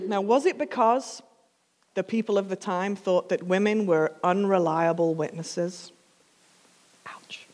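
A woman's voice: medium pitch, measured pace, darkish tone. Woman preacher, casual and emphatic, joking asides, coughing, dry throat, long reverb. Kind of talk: storytelling sermon.

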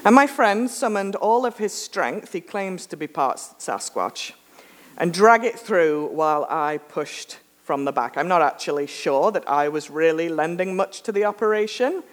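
A woman preacher giving a sermon, telling a lively self-mocking anecdote with humor. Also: on the low side, a little slow. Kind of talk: storytelling sermon.

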